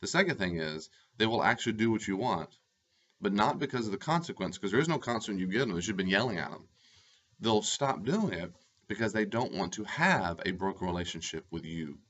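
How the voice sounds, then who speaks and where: Man, very low voice with a bright forceful edge, earnest advice talk to camera, repeats phrases for stress, slightly dull lo-fi audio. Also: lively intonation, a little fast. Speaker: life coach.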